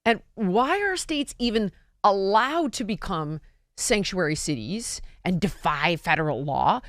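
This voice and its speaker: A woman's voice: mid-range voice, animated, unhurried, dry recording, studio quality. A woman hosting a podcast, asking her guest questions in an eager way. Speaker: podcast host. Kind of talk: interview conversation.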